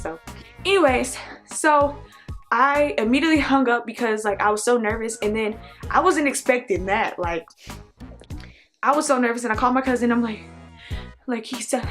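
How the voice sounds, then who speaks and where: A young woman from Oklahoma telling a storytime vlog, animated and acting out the voices. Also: fairly high pitch, brisk, soft background music. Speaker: vlogger.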